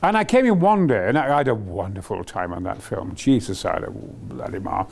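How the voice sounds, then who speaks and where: An excitable older man tells rambling anecdotes about his work as an actor. His voice swings widely in pitch as he gets carried away, and he stumbles over fillers and restarts between bursts of enthusiasm. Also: brisk, creaky. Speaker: actor being interviewed.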